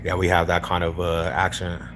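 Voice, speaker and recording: A man's voice: deep voice, completely flat delivery, fairly quick, noisy background. A man from East Denver with a Denver accent, chatting casually on a live stream in a slangy, laid-back way. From East Denver, Colorado. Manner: slangy and laid-back, calls people homie, bro and fool. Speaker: livestreamer chatting with strangers.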